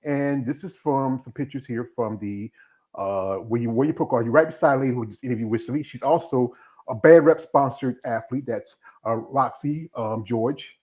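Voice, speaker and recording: A man's voice: medium pitch, normal speed, darkish tone. A man hosting a livestream interview over a video call, talking folksy and addressing the audience as "folks". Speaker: host.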